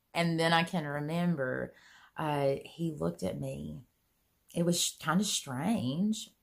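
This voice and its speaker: A woman with a slightly low voice tells a personal story to her vlog audience in an earnest, chatty way. She leans on "you know" and folksy turns of phrase, and her voice leaps upward whenever she gets worked up. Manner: chatty, earnest, pitch swings high when excited; many "you know" fillers, folksy grammar. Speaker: vlogger.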